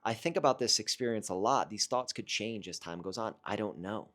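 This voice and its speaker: Earnest low-voiced man telling his story. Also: a bit bright. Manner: earnest and reflective, with halting restarts. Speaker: vlogger recounting a personal experience. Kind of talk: casual personal storytelling.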